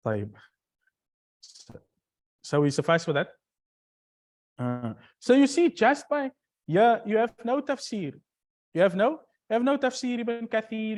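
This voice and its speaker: A teacher lecturing a class on grammar, with a medium-pitched voice that sits right in the middle of the range. They keep turning to the students with questions and restart their phrases as they go. Now and then they rattle off short Arabic verses quickly before slowing back down to explain.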